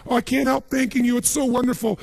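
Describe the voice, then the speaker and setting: A fawning, sing-song housemaid, as a man puts her on, pours out thanks in a lifted, gravelly-edged voice. Her lines swoop up high and come out husky rather than clean. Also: level tone, fast talker, darkish tone, heavily acted. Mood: gushing. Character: gushing grateful housemaid woman, breathless with delight.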